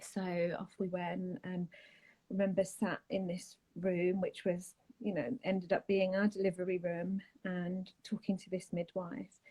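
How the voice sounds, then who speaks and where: A woman, a guest telling a painful personal story in a soft, halting way, often trailing off and starting again. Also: lowish voice, completely flat delivery, rough recording. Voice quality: husky, breathy. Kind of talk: emotional personal account on a live chat.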